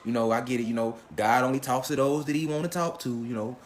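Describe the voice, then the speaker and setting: A timid, self-doubting churchgoer, put on by a man mutters in a low, hushed voice. He hesitates and circles back on himself, deep and quiet. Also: fairly even intonation, fast talker, a little hiss or hum, natural voice. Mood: sheepish.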